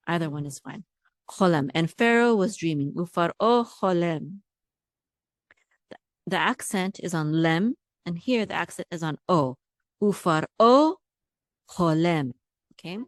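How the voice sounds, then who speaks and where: A woman teaching Hebrew pronunciation, patiently repeating words slowly for practice. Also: lowish voice, lively intonation, no room sound, clean studio sound.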